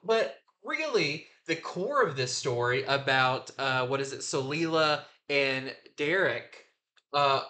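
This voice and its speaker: A man's voice: mid-range voice, expressive, takes it slowly, sharp tone. A man hosting a comic book review show, chatting casually and enthusiastically with lots of fillers.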